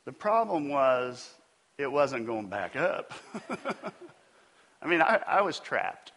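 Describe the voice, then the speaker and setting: Slow, bright-voiced preaching man. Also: mid-range voice, big pitch swings. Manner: storytelling with self-deprecating humor; builds to emphatic preaching. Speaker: pastor. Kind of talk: sermon.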